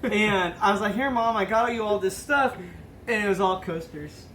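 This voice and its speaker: High-voiced man swearing through a story. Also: moderate pace, echoey room, a crowd in the background, rough recording. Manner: crude, laid-back storytelling with lots of swearing. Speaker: podcast co-host. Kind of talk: casual chat.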